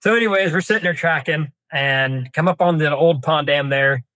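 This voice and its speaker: A man's voice: fairly high pitch, moderate pace, sharp tone, no echo. A young man, a podcast guest telling a long hunting story in a rambling, folksy way with many fillers and restarts. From Kansas. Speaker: podcast guest, deer hunter. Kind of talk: casual storytelling interview.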